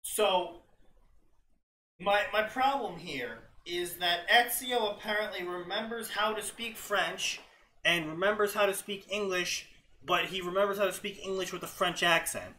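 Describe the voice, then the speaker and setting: A man with a bright, slightly high voice reads fanfiction aloud and picks it apart. His delivery is sarcastic and exasperated, full of dry asides. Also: measured pace, a little hiss or hum, poor audio. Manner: exasperated, sarcastic, often laughing. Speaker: fanfiction reading show host. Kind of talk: sarcastic commentary and reading aloud.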